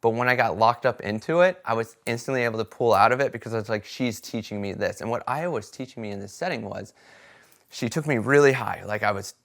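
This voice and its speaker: A man chatting casually to camera about his experiences, telling stories in an animated way and often checking in with "right?" and "okay?". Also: medium pitch, fast talker, vocal fry. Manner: animated storytelling, acts out quoted voices; conversational fillers like "right?" and "okay?". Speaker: vlogger sharing experiences.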